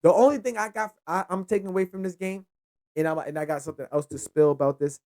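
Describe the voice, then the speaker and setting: A man's voice: high voice, fast, dark tone. Rambling, profane young man recapping football. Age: young adult. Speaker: sports show host. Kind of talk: casual solo football recap.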